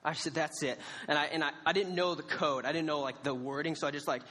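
A young man with a high, bright voice gives a casual sermon, telling stories with animated, self-mocking energy. His voice carries a long reverb off the walls of a church hall. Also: fast talker. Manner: casual storytelling, animated, laughs at himself. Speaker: youth pastor.

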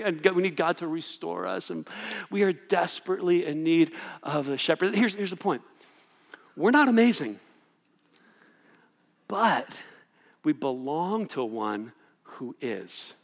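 A man preaches with a high, bright voice, animated and rambling, full of restarts. He acts out little voices as he makes his points. His words ring out with a long reverb, as in a large hall. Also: moderate pace, vocal fry. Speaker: pastor. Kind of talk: sermon.

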